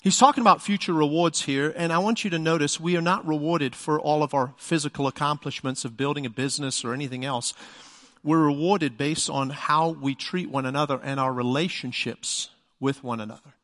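A middle-aged man preaches with an emphatic, conversational delivery, often turning to the congregation with rhetorical questions. His voice sits a little higher than most men's. The recording carries a long reverb from a church sanctuary. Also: a little fast, fairly bright tone. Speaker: pastor. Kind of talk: sermon.

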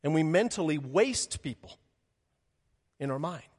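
A man preaching a sermon as pastor, animated, with sudden loud high bursts and quick acted asides. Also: husky, in a large hall.

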